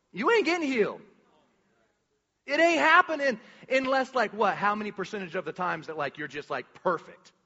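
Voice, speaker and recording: A man preaching a sermon as a pastor, casual and animated, full of slang and restarts. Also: sits high, big-room sound, dull audio.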